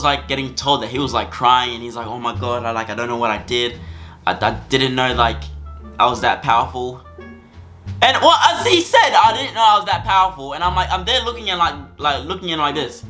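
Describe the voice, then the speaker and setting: A man's voice: mid-range voice, sharp tone. A young man telling a school story to camera in a rambling, casual way, full of fillers and repeats. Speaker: vlogger.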